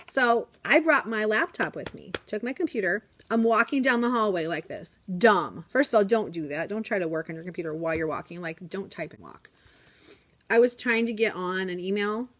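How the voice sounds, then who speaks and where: A young adult woman, a first grade teacher, telling a rambling, self-deprecating story in a casual vlog and acting out what people said. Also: mid-range voice. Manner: chatty and rambling, self-deprecating, acts out quotes.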